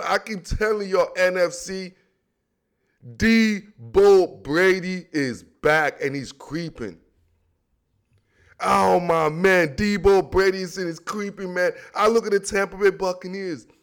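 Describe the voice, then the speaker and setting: A man from the Washington, D.C. area hosting a sports podcast, talking football in a loose, slangy, animated way and repeating himself often. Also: sits high. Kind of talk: casual sports talk.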